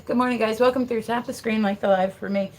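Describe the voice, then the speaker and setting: A woman's voice: fairly high pitch, fairly even intonation, quick pace, darkish tone, a little hiss or hum. A woman chatting casually on a live stream from her home studio, exasperated and scolding, swearing casually. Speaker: livestreamer.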